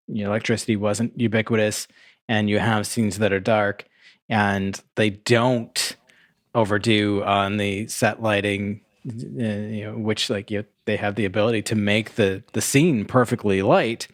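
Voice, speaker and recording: Low-voiced man musing on a podcast. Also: dry recording, studio quality. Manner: thoughtful, trails off quietly, hedges with fillers. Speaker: podcast co-host. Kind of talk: casual chat.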